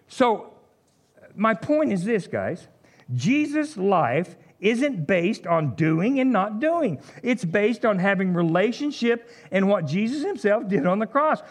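A middle-aged man preaching a sermon in a high voice that leaps all over the place. He tells stories and cracks jokes as he goes, his tone rising and falling sharply. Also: moderate pace. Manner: animated storytelling with jokes and asides. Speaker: pastor.

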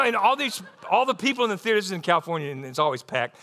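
With a high voice, a quick pace, and hardly any pauses, a middle-aged preacher rolls through his sermon. His style is folksy and animated storytelling, and it keeps swelling into excited bursts.

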